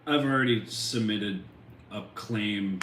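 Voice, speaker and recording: A man's voice: lowish voice, slow pace, fairly bright tone. A man chatting casually with viewers on a home live stream, rambling in an easygoing way and reacting to the chat. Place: home room with equipment. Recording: roomy, distant mic, faint ambient noise.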